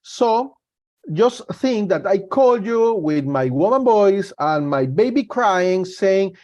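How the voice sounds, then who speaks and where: Higher-voiced man presenting a security webinar. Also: big pitch swings, a little mellow, lo-fi sound. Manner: halting, repeats and restarts words. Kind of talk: live webinar talk.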